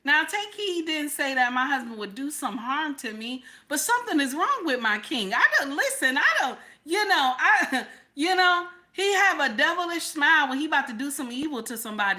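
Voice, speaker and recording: Older woman, live-stream reaction host, sassy and emphatic, high bright voice. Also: lively intonation, moderate pace, few pauses. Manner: sassy, repeats "okay?" often. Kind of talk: casual live-stream commentary.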